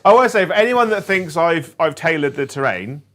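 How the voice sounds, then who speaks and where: A man chatting casually over a tabletop game, his pitch swinging up and down as he talks. He teases his friends and laughs easily. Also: animated, fairly quick, a bit bright. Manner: teasing, laughs often. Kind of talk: casual chat while gaming.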